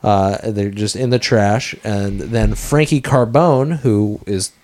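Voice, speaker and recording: A man's voice: on the low side, slow pace, a little mellow. A man co-hosting a podcast, casually recapping a film in a rambling way and acting out lines from it. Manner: rambling, acts out quoted lines. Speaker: podcast co-host.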